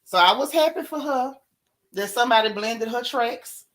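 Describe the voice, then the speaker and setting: A woman's voice: a little high, normal speed. Sassy woman gossiping. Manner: sassy, animated, colloquial storytelling. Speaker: host of a live gossip stream. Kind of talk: casual gossip chat, greeting live chatters.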